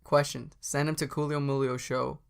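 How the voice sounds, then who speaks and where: A man co-hosting a comedy podcast in casual chat, jokey and quick to riff into absurd bits. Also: mid-range voice, little pitch movement, creaky, clear, resonant tone. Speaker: podcast co-host.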